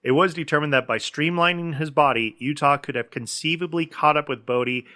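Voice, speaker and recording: Male podcast co-host, bright crisp voice, excitable and chatty, reads trivia in between filler words. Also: fairly high pitch, a little fast. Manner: enthusiastic, filler-heavy, reads trivia aloud. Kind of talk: casual movie podcast chat.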